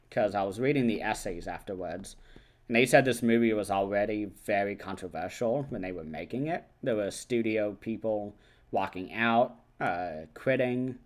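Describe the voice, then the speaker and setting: A man with a slightly low voice talks through a film's plot in a casual, rambling way. He fills pauses with frequent ums and likes, and drops into quick impressions of the characters' lines. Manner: loose, chatty retelling with many fillers. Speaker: film review channel host. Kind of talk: casual film recap and review.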